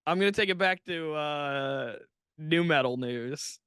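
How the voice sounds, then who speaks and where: A man with a bright, forceful, slightly high voice, chatting casually as a comedian co-hosting a podcast. His tone is smooth and crisp and the sound is dry and close. He keeps breaking into giggles as he talks. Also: a little slow, dry recording. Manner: giggly, laughs often mid-sentence. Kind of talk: casual chat.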